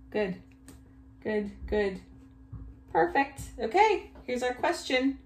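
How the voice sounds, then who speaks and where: Woman teacher, reading lesson for small kids, slow and very lively pitch, echoey room. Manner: slow, exaggerated reading aloud with cheerful praise. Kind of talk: recorded reading lesson for young children. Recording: echoey room, faint background hum.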